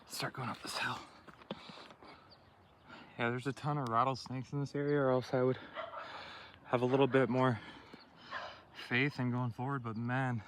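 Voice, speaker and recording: A man rambles casually to his phone while hiking a hillside trail, dropping slang every few words. His voice sits in a middle register. Steady outdoor noise runs under the recording. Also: mid-range voice, normal speed, long pauses. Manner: rambling and laid-back, full of slang like "dude". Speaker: vlogger.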